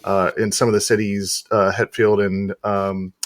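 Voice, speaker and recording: A man appearing as a podcast guest, telling a story in a relaxed, rambling way with many fillers. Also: fairly low pitch, unhurried, dry recording. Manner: rambling, lots of uh and you know. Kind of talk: casual chat.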